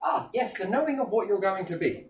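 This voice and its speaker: A man's voice: high voice, lively intonation, brisk, far from the mic, slight background noise. A man chatting casually and animatedly, jumping between topics and swearing freely. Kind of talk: rambling casual chat.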